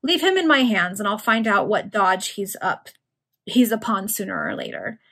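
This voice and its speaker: A woman's voice: medium pitch, animated, normal speed, vocal fry, fairly bright tone. A woman voicing a male London thief from the 1840s in a storybook reading, in her own plain voice.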